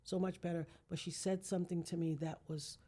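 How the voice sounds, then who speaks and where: A woman's voice: fairly low pitch, little pitch movement, brisk, dark tone. A middle-aged woman, a podcast guest, talking earnestly and emphatically about her life, with a preacher-like manner. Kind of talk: heartfelt personal conversation.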